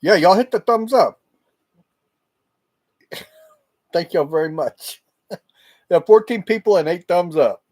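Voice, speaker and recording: A livestream host with a high-pitched, expressive voice chats casually with viewers on a laptop microphone, laughing often as he rambles. He keeps a measured pace with long pauses, and his tone is darkish.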